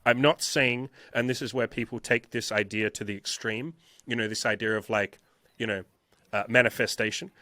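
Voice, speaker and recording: A man who works as a dating coach talks through his ideas in a relaxed interview, circling back to the same phrases and swearing freely. His voice is bright and forceful, recorded close with a dry, roomless sound. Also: mid-range voice, moderate pace, dry recording. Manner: emphatic and repetitive, frequent swearing. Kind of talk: casual interview talk.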